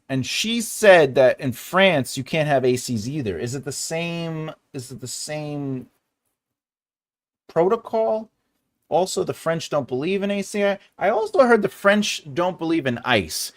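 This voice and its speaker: A man in his forties, host of a casual live chat with his viewers, rambling and jokey and often laughing. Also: mid-range voice. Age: 40s. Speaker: livestream host.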